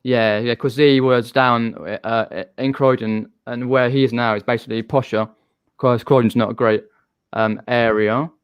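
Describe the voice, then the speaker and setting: A man's voice: mid-range voice, fairly even intonation, moderate pace, smooth, no echo. A man with a Southern English accent hosting a live stream, chatting casually with a guest and reading out viewer comments. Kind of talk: casual chat.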